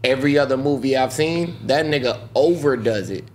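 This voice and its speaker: A man's voice: medium pitch, a little fast, darkish tone, a little hiss or hum. A man co-hosting a podcast, giving opinionated, joking, profane takes in casual banter. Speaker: podcast co-host.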